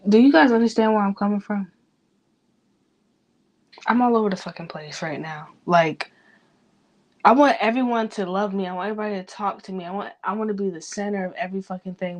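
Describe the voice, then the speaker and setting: A woman's voice: mid-range voice, fairly quick, pauses often, darkish tone. A grieving woman, rambling loosely and cursing freely in a personal vlog. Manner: rambling, profane, loose and unfiltered. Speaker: vlogger.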